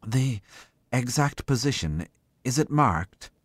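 A man reading aloud, voicing a cautious, formal German official who speaks slowly and politely. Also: medium pitch, animated, no room sound, voice pushed up. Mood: careful. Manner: slow, careful and polite. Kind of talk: reading a short story aloud.

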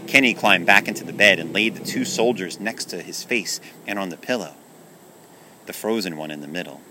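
A man's voice: low-pitched, pushed and bright, rough recording. A man reading a children's storybook aloud in a soothing bedtime tone.

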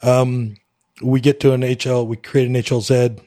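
A man's voice: medium pitch, little pitch movement, moderate pace, mellow. A middle-aged man from Canada, a military veteran guest on a podcast, telling his story candidly with a wry edge, acting out the dialogue, with frequent fillers.

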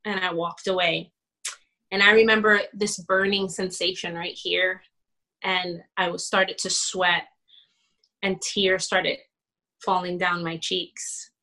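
A woman with a bright, clear voice recounting a hard chapter of her life as a pastor's wife. She tells it candidly and with feeling. She swings between soft, hushed moments and lively, animated quoted dialogue, with laughs along the way. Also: lowish voice, slow, rough recording. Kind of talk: candid personal storytelling.

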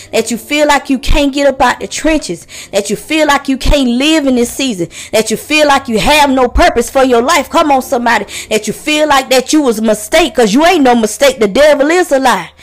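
A woman with a high voice delivers a podcast sermon in a heartfelt preaching manner. She talks straight to her listeners, repeats her phrases for emphasis and keeps calling on them to respond. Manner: impassioned, calls out to listeners; conversational preaching with repetitions.

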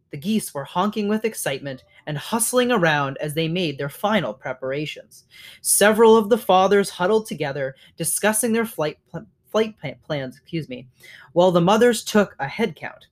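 A man's voice: high-pitched, expressive, normal speed. Man reading a storybook aloud. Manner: wry, with small slips and self-corrections. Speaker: audiobook reader. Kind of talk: storybook read-aloud narration.

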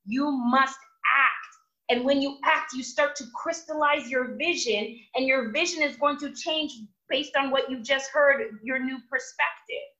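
A woman's voice: sits high, measured pace, pushed and bright, poor audio. A woman hosting a live motivational stream who speaks emphatically and repeats words for force. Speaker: host of a live motivational show.

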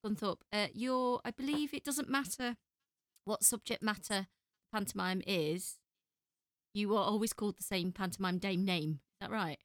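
A woman's voice: mid-range voice, normal speed, no room sound, clean studio sound. A woman co-hosting a chat show, reacting with gasps and playful teasing. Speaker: co-host. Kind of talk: casual chat.

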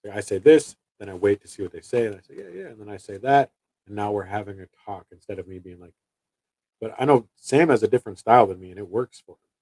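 A man in his thirties talks casually about his sales work. His voice is low and mellow. He rambles and restarts his sentences, and the sound is dry and close. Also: fast, dry recording, poor audio. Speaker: door-to-door salesman. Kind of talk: casual chat.

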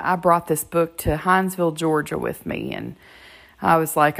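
A woman hosting a devotional podcast, speaking earnestly and personally with pauses and fillers, her voice a bit crackly today. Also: low-pitched, gravelly. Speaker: podcast host.

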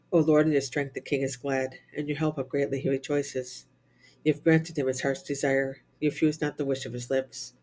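A man reciting the Divine Office, reading psalms and lessons in English with Latin responses, in a steady, even recitation. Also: medium pitch. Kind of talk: reciting liturgical prayer and psalms.

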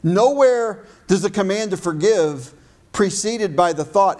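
A man with a high voice preaches a sermon. His delivery is emphatic, and he slows and stresses his key phrases. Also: lively intonation, darkish tone. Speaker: pastor.

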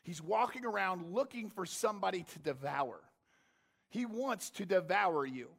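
Guy preaching a sermon, high gravelly voice, gets loud and fired up. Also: lively intonation, moderate pace. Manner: conversational preaching, acts out Bible characters, builds to shouting. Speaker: pastor.

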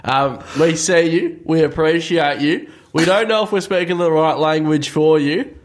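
A hoarse Australian man with a slightly raised pitch co-hosts a sports podcast. He chats casually and keeps his jokes dry. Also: moderate pace. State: hoarse from a flu. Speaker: podcast co-host.

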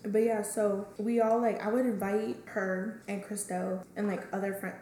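A woman's voice: medium pitch, little pitch movement, normal speed, dark tone. A young woman co-hosting a podcast, telling childhood stories in a giggly, slangy way. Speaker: podcast co-host. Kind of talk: casual chat. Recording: echoey room with faint background noise.

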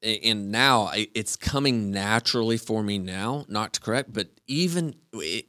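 A man's voice: on the low side, normal speed, bright, forceful tone, no echo, clean studio sound. A man hosting a podcast who speaks earnestly and reflectively in casual chat, often filling with "like" and "right?". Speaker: podcast host.

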